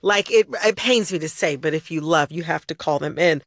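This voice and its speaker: A woman hosting a podcast, talking in an animated, casual way with lots of "like" fillers. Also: low-pitched, brisk, dry recording, studio quality. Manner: animated, chatty, with frequent "like" fillers. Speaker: podcast host. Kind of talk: casual conversational podcast chat.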